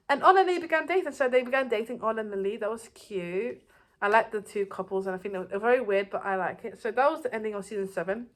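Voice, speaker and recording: A woman's voice: mid-range voice, a bit bright. A woman giving a casual, rambling recap of a TV season, with loose phrasing and frequent restarts. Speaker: TV show reviewer.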